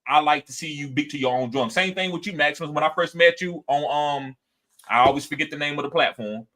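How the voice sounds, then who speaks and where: Hosting a relaxed sports talk podcast, a man keeps things lively, voicing quotes in a higher pitch and reciting comments from the chat. He speaks at a brisk clip.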